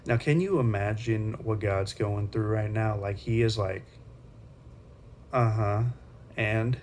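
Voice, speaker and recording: A man's voice: lowish voice, normal speed, darkish tone, slight background noise. A man teaching Sunday school, retelling a Bible story in a casual, conversational way with slangy asides.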